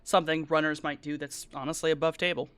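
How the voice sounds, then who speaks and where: A game master lays out the details for the players in a loose, rambling way. The voice is bright and crisp. The recording is dry and close. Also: medium pitch, level tone, quick pace, dry recording. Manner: rambling, filler-heavy, conversational. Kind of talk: describing scenes for players.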